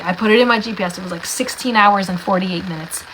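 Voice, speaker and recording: A woman's voice: mid-range voice, fast, pushed and bright, a little hiss or hum, poor audio. A young woman from New Jersey telling a faith testimony in a chatty way, full of "like" and acted-out dialogue. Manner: chatty, lots of "like", acts out dialogue. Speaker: vlogger sharing a faith testimony. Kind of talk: casual storytelling testimony.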